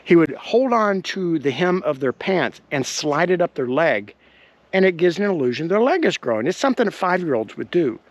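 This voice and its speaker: Man, storytelling host, lively swooping pitch, slightly high voice, indignant, filler-heavy. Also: normal speed, no room sound, dull audio. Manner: animated, indignant, with frequent fillers. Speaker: podcast host. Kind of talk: personal storytelling monologue. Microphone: handheld camera.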